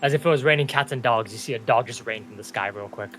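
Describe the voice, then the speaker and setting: A man's voice: mid-range voice, quick pace, a bit bright, faint music behind. A young man narrating as game master, loose and chatty, breaking into chuckles as he describes the scene.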